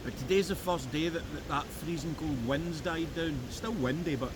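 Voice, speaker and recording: A man's voice: on the high side, normal speed. A Scottish man giving a jokey running commentary on his metal-detecting vlog, filmed outdoors in the woods beside a river. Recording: noisy outdoor recording with river. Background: flowing river.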